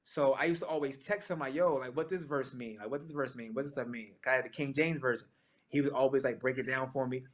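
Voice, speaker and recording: A man in his thirties, a gospel singer, tells a story to a church audience in a lively, slangy way and acts out the lines he quotes. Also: medium pitch, fast.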